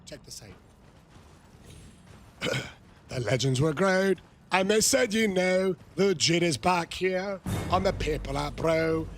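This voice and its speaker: A man livestreaming, chatting with viewers and loudly shouting cheers and countdowns. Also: high-pitched, lively intonation, slow pace, pauses often, slight background noise. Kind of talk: hyped livestream chat with viewers.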